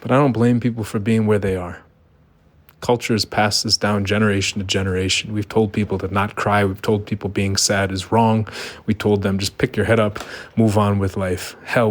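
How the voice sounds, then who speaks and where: A man's voice: fairly low pitch, little pitch movement, fairly quick. A middle-aged man giving an earnest, emphatic monologue, asking rhetorical questions. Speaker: vlogger. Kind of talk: personal monologue.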